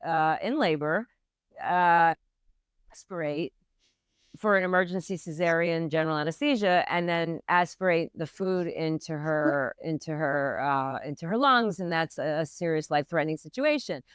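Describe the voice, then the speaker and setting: A woman from Philadelphia talks as a guest midwife, restarting sentences and filling pauses as she explains. Her voice is very smooth and crisp. The sound is close and dry. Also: deep voice, no echo. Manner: hesitant, many restarts and fillers. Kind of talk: casual interview.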